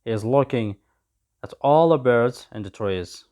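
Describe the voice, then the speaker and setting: A man reading a simple story aloud for English learners, with clear, simple phrasing. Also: medium pitch, expressive, a little slow, dark tone, muffled recording. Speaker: story narrator.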